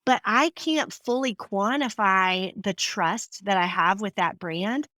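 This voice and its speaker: A woman's voice: medium pitch, slow, no room sound. A woman guest on a podcast interview, telling stories animatedly and acting out the people she quotes. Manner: animated storyteller, acts out quoted voices. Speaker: guest speaker.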